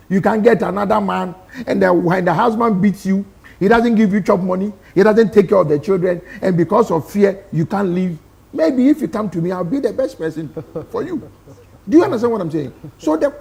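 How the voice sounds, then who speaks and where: A man with a Ghanaian English accent and a high-sitting, creaky, darkish voice argues emphatically as a studio guest on a talk show. In this impassioned debate he keeps firing off rhetorical questions.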